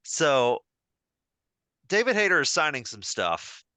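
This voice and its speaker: Bright, animated podcast co-host man. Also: fairly high pitch, slow, no room sound. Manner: enthusiastic, rambling storyteller with many fillers. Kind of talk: casual podcast chat.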